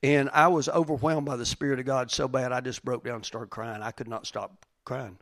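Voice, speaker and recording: A middle-aged male pastor preaching a sermon, dropping to quiet, hushed lines and then rising to loud, fervent preaching. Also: medium pitch, steady tone, brisk, no room sound, studio quality.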